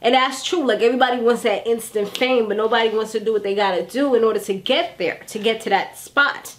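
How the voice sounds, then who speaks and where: A woman in her thirties casually recapping a TV episode in a chatty, animated way, acting out characters' lines as she goes. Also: fairly high pitch, a little fast, slight background noise. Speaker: TV recap vlogger. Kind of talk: casual chat.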